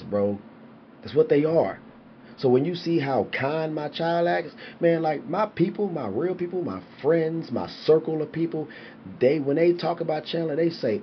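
A man's voice: medium pitch, measured pace, a little hiss or hum. A young man, a father, talking casually and animatedly to camera, swearing freely and preaching about respect. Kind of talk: casual monologue. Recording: dull lo-fi sound with faint ambience.

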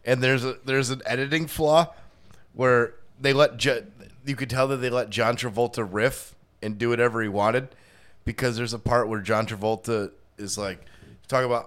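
A man's voice: mid-range voice, fairly even intonation, normal speed, a bit bright. A man co-hosting a casual movie podcast, retelling a film scene at length. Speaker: podcast co-host. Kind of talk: casual chat.

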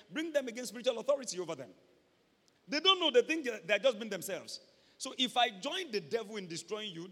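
A man with a Nigerian accent preaching a sermon, acting out scenes and breaking into loud shouts. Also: high-pitched. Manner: dramatic, acts out scenes, switches to loud shouts. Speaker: pastor. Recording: echoey hall with long reverb.

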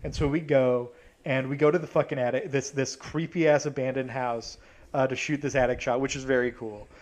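A man's voice: mid-range voice, fairly even intonation, brisk, darkish tone. A man co-hosting a podcast, telling a story in a casual, profane and exasperated way with plenty of swearing. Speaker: podcast co-host.

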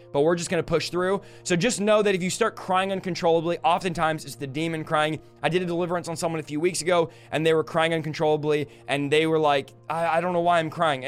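A man's voice: fairly high pitch, smooth. A young man, a deliverance minister, teaching earnestly on a livestream with lists and rhetorical questions.

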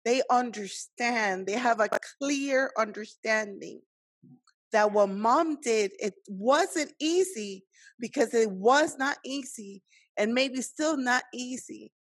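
Slow breathy lady host, dry close sound, encouraging. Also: a little high, no echo. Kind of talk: interview talk.

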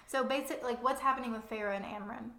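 A woman's voice: a little high, fairly even intonation, a little fast. Chatty woman in an echoey room. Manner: chatty, filler-heavy, reads quotes with soft whispers. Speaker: book podcast co-host. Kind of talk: casual chat, reading passages aloud.

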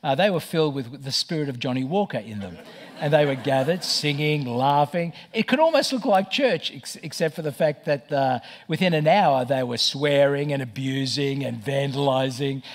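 A middle-aged man preaching a sermon as pastor, telling stories with lively stammered restarts. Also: medium pitch, normal speed. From Australia. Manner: animated storytelling with stammered restarts.

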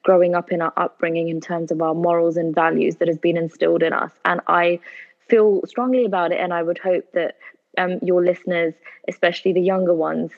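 Woman on a tinny phone-like line. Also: on the low side. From United Kingdom. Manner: emphatic, repeats key phrases. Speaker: podcast guest. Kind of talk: earnest conversational interview answers.

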